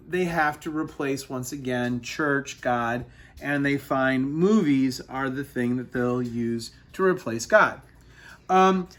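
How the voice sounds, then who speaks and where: Slow, halting male history teacher. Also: sits high, a bit bright. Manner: slow, halting delivery with many fillers and repeated phrases. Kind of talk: recorded history lesson.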